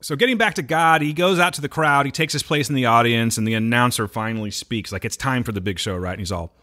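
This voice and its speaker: A man's voice: mid-range voice, fast talker, pushed and bright. A man co-hosting a podcast, recapping an episode in casual chat and slipping into playful character voices. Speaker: podcast co-host.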